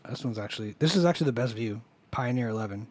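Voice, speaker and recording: A man's voice: medium pitch, fast talker. Male co-host, casual chat, enthusiastic and profane. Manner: excited, swearing, nerding out. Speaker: podcast co-host.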